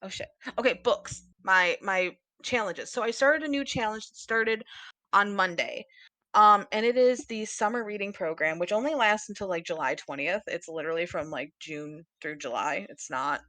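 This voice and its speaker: A woman's voice: medium pitch, normal speed, sharp tone, no room sound. A woman co-hosting a podcast, chatting casually about books in a rambling, giggly way with lots of fillers. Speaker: podcast co-host.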